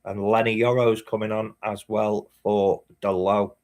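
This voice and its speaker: A man's voice: fairly low pitch, flat delivery, measured pace, a little mellow. A man hosting a live match watchalong, chatting casually, swearing and reading chat messages aloud. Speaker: fan channel host.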